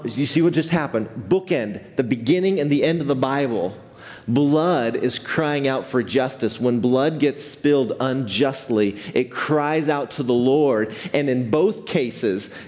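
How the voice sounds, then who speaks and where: Man preaching, loose and animated, restarts a lot, big reverb from the church hall. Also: mid-range voice. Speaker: pastor. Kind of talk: sermon. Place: church sanctuary.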